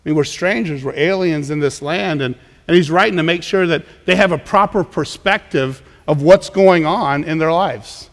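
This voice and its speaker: A man with a slightly high voice preaches a sermon as a pastor at a moderate pace, speaking conversationally in a church sanctuary. He often repeats words and restarts as he goes. The recording carries the long reverb of a large hall.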